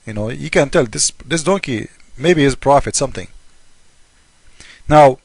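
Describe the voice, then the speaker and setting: A man's voice: mid-range voice, lively intonation, fairly quick, vocal fry, breathy edge, dry recording. A man speaking in an emphatic, mocking casual monologue, with broken English grammar. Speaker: video commentator.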